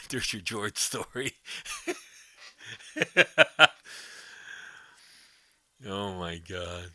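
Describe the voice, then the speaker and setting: A man's voice: lowish voice, expressive, very slow, long pauses, pushed and bright, no room sound. A man hosting a livestream, telling casual rambling stories to his viewers, chuckling often and swearing freely. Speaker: livestream host.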